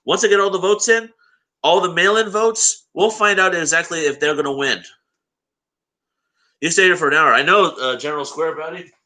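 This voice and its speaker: A man's voice: fairly high pitch, moderate pace, pushed and bright. A young man hosting a casual live stream, chatting to his viewers and greeting them by name. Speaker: live-stream host reacting to election coverage.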